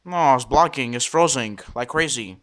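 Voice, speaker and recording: A man giving casual commentary over a computer screen recording, talking to viewers in a halting, excitable way and often repeating and restarting words. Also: medium pitch. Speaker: computer vlogger.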